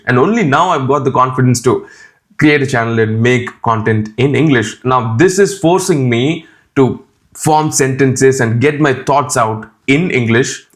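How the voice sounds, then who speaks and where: Chatty and direct, a YouTuber explains things in a casual spoken tutorial, peppering his talk with "man" and "right?". He has an Indian accent, Tamil is his first language, and his mid-range voice sounds a bit bright.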